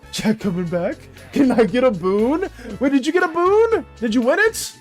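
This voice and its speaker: A streamer talks casually to chat while working on art, reading messages aloud and trailing off into fillers and restarts. The pitch jumps around a lot, animated and bouncy. Quiet music plays faintly behind the voice. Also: normal speed, few pauses. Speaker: streamer and artist. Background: faint background music.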